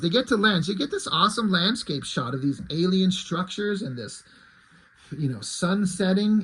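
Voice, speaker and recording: A man's voice: high voice, a bit bright, breathy edge, low-quality recording. A man reviewing a comic book in a loose, casual chat, swearing now and then and paraphrasing the dialogue in a plain reading voice.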